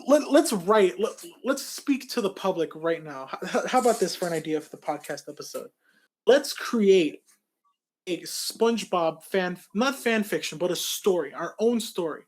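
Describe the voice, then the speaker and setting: A man co-hosting a podcast, chatting excitedly with frequent stumbling restarts and laughter. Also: high voice, unhurried. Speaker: podcast co-host. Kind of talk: casual chat.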